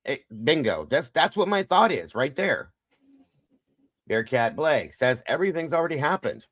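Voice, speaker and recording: A man's voice: on the high side, very animated, normal speed, a bit bright, dry recording. A man hosting a casual true-crime livestream, talking bluntly with frequent swearing and repeatedly stressing that it is only his opinion. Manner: blunt and profane, keeps saying it is just his opinion. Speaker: livestream host.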